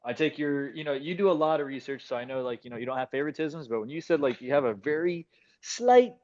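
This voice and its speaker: Fast-talking guy on a lo-fi call, kinda high voice, tells it all animated. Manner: animated, fast storytelling, profane. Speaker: guest. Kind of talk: casual chat on a live audio call. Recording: dull lo-fi call audio.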